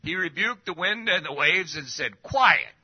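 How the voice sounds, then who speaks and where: A man preaching a sermon, full of rhetorical questions and swinging between loud and hushed. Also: on the high side, normal speed, slightly rough. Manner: lively, rhetorical questions, drops to near-whispers. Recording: dull lo-fi recording.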